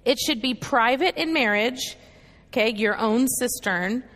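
A woman leads a Bible study in a high, clear voice, working through the passage verse by verse. She keeps checking in with her listeners with quick "okay"s and "right"s. A long reverb trails after her words, as if she is speaking in a large hall. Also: a bit bright. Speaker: Bible teacher.

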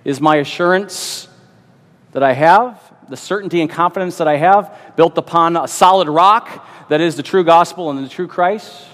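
Earnest preacher, man, slightly high voice. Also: normal speed, a bit bright, in a large hall. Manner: earnest, emphatic, repeats words while building a point. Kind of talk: sermon.

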